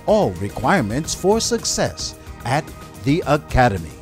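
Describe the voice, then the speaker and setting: A man narrating a documentary in a measured, announcer-like way. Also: medium pitch, sing-song. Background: music.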